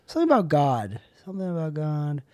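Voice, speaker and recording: A man's voice: on the high side, huge pitch swings, fast talker, warm tone, no echo. A man co-hosting a podcast, a stand-up comedian riffing playfully on jokes in casual chat.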